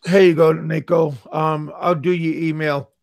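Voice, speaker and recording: A middle-aged man hosts a casual live stream, talking slowly and haltingly, stumbling over and repeating his words. His voice sits a little high for a man, and the sound is dry and close with no room around it. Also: little pitch movement, creaky, a little mellow, dry recording. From USA. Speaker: streamer host.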